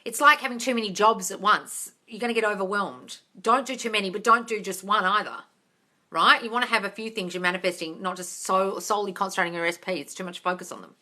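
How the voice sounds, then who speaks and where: A woman's voice: mid-range voice, fast, pushed and bright. An Australian woman hosting a live Q&A, reading out viewer comments and answering them bluntly, with plenty of swearing and calling people darling. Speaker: live-stream host answering viewer questions.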